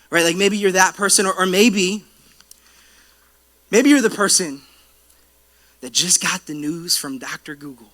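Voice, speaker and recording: A young man preaching to his church in a relaxed, joking way, with a high, bright voice that carries. He tells playful stories and keeps turning to the congregation with asides. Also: normal speed, long pauses. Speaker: pastor. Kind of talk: sermon. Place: church auditorium.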